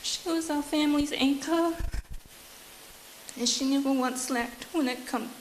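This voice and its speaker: A woman's voice: high-pitched, a little slow. Hesitant woman, echoey hissy hall. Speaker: granddaughter giving a speech. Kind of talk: prepared funeral speech. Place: church hall.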